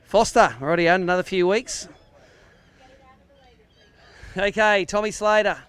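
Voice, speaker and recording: A man's voice: high voice, steady tone, normal speed, fairly bright tone, clean tone. An Australian man emceeing a live fishing weigh-in outdoors by a lake, with jokey, upbeat banter. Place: outdoor lakeside weigh-in stage.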